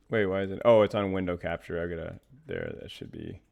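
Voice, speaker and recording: A man's voice: deep voice, huge pitch swings, a little fast, creaky, darkish tone. A man streaming and coaching a game, chatting casually with his viewers in a loose, rambling way and often breaking into laughter. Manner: giggly, keeps breaking into laughter. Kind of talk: casual live-stream chat.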